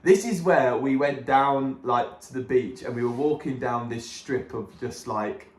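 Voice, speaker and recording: A man co-hosting a podcast, telling a holiday story in casual chat with animated voices and frequent laughs. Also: mid-range voice, a little slow. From England. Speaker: podcast co-host. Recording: echoey room.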